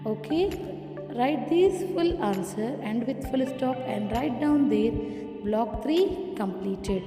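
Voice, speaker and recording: Slow, high-voiced woman teacher spelling words. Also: expressive, roomy sound, long reverb tail, music in the background. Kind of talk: dictating a lesson, spelling words.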